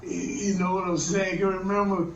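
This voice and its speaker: High-voiced man telling a rambling story. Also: flat delivery, moderate pace, gravelly. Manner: rambling, laughing often, repeats "man" and "he say". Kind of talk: casual storytelling. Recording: roomy, dull lo-fi sound with faint noise.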